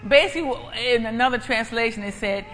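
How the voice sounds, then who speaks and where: A woman's voice: fairly high pitch, quick pace, a bit bright. A woman preaching and giving a personal testimony in an emphatic, repetitive, conversational way. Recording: echoey hall, faint ambient noise.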